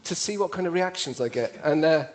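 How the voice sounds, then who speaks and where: A man's voice: fairly high pitch, lively intonation, fairly quick. A man with an English accent giving a witty, conversational public talk to an audience. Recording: played from a video.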